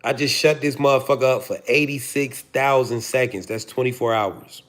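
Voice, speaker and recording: A man's voice: mid-range voice, fairly even intonation, moderate pace. A man, hosting a livestream and joking profanely to his chat before preaching his point. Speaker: livestream host. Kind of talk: casual livestream talk to chat.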